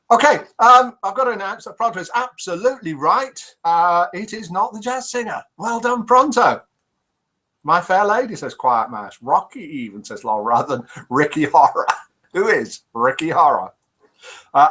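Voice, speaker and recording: This older British host of a live interactive show speaks in a fairly high, pushed, bright voice, captured on a low-quality recording. Reading viewer messages from the stream aloud, he keeps things chatty and full of jokes.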